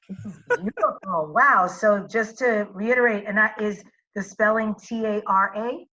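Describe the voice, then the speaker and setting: A woman's voice: mid-range voice, a little slow, sharp tone. A woman hosting a podcast interview, encouraging her guest and asking follow-up questions. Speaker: podcast host. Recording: dull lo-fi sound.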